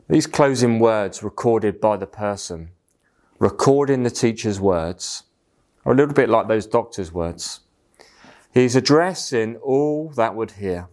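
A man's voice: on the low side, lively intonation, a little slow, darkish tone. A man preaching a sermon in an earnest, emphatic manner. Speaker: pastor.

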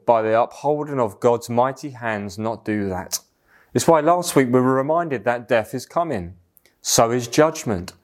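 A man's voice: medium pitch, darkish tone. A man preaching a sermon in an earnest, emphatic manner. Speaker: pastor.

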